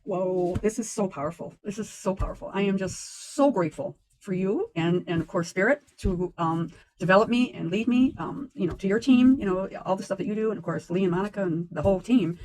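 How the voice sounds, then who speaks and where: A woman's voice: medium pitch, a little fast, hardly any pauses, a little mellow, slight background noise, rough recording. An older woman hosting a casual interview, telling her stories in an effusive, gushing way. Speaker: host.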